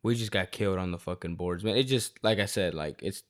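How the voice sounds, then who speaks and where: A man's voice: sits low, fairly quick. Profane, slangy young man in casual chat. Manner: animated, profane, slangy storytelling.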